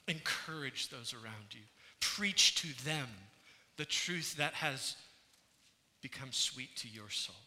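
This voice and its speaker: High, bright-voiced man preaching in a hall. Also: animated, measured pace. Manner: earnest preaching, swinging from hushed to emphatic. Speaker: pastor. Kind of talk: sermon. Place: church sanctuary. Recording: reverberant hall sound.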